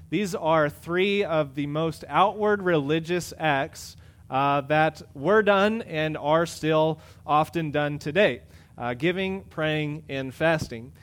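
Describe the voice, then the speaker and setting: A male pastor with a fairly high voice preaches to a church congregation. He talks loosely and conversationally, stumbling over fillers and correcting himself as he goes. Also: slow pace. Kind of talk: sermon. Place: church sanctuary. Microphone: microphone in front of a congregation.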